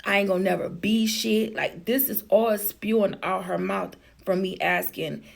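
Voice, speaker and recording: A woman's voice: medium pitch, steady tone, normal speed, creaky. A woman vlogger telling a personal story to the camera in a blunt, chatty, profane way.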